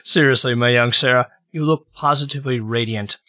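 A man's voice: mid-range voice, a little fast, pushed and bright, natural voice. A man voicing a genial, formal alien prime minister in an amateur audio drama, talking effusively and like a fond uncle.

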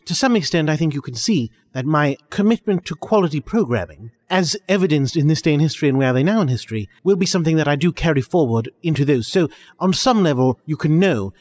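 A man's voice: fairly high pitch, animated, fast talker, few pauses, a little mellow, long reverb tail. A man co-hosting a comedy podcast, talking in a grandiose, self-important, long-winded way. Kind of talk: mock-pompous comic monologue.

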